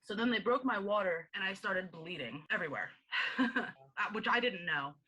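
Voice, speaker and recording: A woman in her thirties, a podcast guest, candidly telling a personal story in an interview, animated and acting out the dialogue. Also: mid-range voice, moderate pace, slightly rough, rough recording. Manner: animated, acts out quoted dialogue with frequent laughs.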